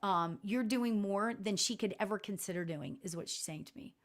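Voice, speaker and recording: A woman hosting a live psychic reading stream, speaking gently and reassuringly with many pauses and fillers. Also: mid-range voice, slight background noise. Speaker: spiritual medium host.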